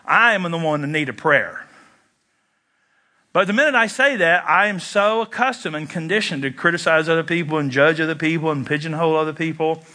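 A man preaching a sermon, animated and jokey, jumping into mock voices and leaping in pitch. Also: a little fast. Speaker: pastor.

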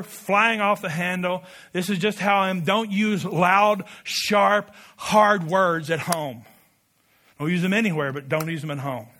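A man preaching a sermon with passion, building to loud peaks and dropping to quiet asides, leading the congregation in call-and-response. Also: high voice. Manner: impassioned, rising to shouted peaks, drops to quiet asides. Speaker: pastor.

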